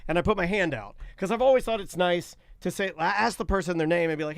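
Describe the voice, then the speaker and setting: A man co-hosting a podcast in casual chat, telling animated stories and acting out quotes. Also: a little high, fast talker, hardly any pauses, clean tone, no echo, clean studio sound. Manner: animated storyteller, acts out quotes. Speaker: podcast co-host.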